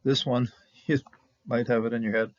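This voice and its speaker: A man teaching Bible Hebrew verse by verse, halting with fillers and checking in with "okay?", on a dull lo-fi recording. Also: mid-range voice, flat delivery, dry recording. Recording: dull lo-fi sound.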